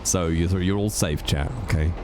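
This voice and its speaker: A man's voice: sits low, fairly even intonation, moderate pace, background noise. A young man streaming a roleplay game who chats playfully with his viewers in a self-mocking way, talking through a blocked nose. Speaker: livestreamer. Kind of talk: casual chat with viewers.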